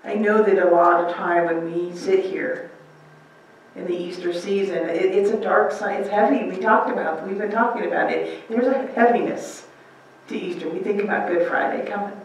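A woman pastor preaches a sermon in a conversational way, asking the room questions and acting out quotes in other voices. Her voice sits at a middle pitch for a woman. It rings through a very echoey church, picked up from some distance. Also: moderate pace, highs cut off, a little hiss or hum. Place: church sanctuary.

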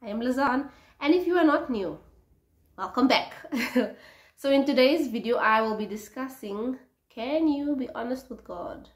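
A young woman talks in a casual, earnest devotional style, her voice sitting a little high for a woman. She doubles back and repeats words as she speaks. The room around her gives the voice a noticeable echo. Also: expressive, measured pace. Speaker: faith vlogger. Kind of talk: casual spoken devotional talk. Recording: roomy echo.

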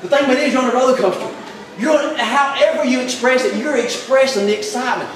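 A man preaching a sermon as pastor, exuberant and emphatic, often building up to shouts. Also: very high-pitched, fast talker, slight background noise. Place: large echoey church hall. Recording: very echoey hall, voice from far off.

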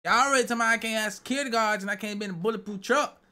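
A young man talks through a video reaction in a high, bright voice. He rambles, swears freely and keeps defending himself in loose casual chat. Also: racing.

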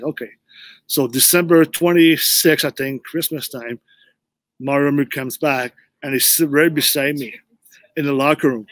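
A man's voice: a little high, fairly bright tone, no echo. A middle-aged man, a podcast guest and retired player, telling a story in a loose, anecdotal way and laughing now and then. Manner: anecdotal, repeats "I'm like" and "he's like", light laughs. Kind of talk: casual storytelling.

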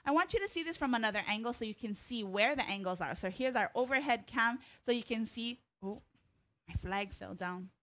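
A woman's voice: on the high side, animated, brisk, a bit bright. Upbeat woman teaching a hula class. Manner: upbeat counting and chanting cues; friendly, explains with small jokes and laughs. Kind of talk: online dance lesson.

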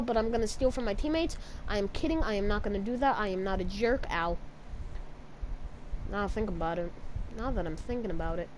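A woman giving casual, jokey commentary while playing a game, yelping and shouting at the action. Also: on the high side, a little hiss or hum. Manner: excitable, yelps and shouts at the game; jokey, teasing asides to viewers. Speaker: gamer.

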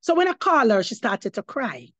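A woman's voice: fairly high pitch, sing-song, moderate pace, a bit bright, no echo. Emphatic woman preaching her testimony. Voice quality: slips between English and patois, emphatic, rising to cries of praise. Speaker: apostle giving testimony.

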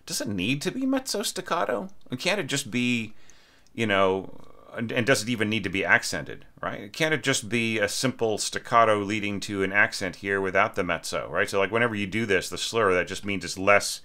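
A man reviewing a student's orchestral score in a loose, conversational way, often stopping to ask "right?" and starting his sentences over. His voice sits fairly low and sounds bright and forward. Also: moderate pace. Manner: conversational, lots of "right?" and restarts, sings phrases. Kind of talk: casual critique lesson.

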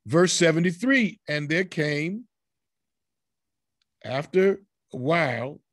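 A man with a Southern US accent leads a Bible study. His voice sits on the higher side, and the sound is dry and close. He teaches in an animated way and acts out the voices in the passage. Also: takes it slowly, no echo. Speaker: pastor leading Bible study.

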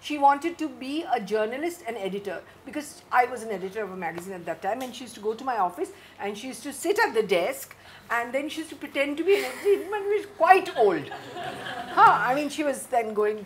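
An older woman tells animated stories on stage, slipping into imitations of others. Her voice is high and swings widely in pitch. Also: fast, a little hiss or hum. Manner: animated anecdote-telling, mimics people, laughs often. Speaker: guest speaker, filmmaker. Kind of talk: casual stage conversation.

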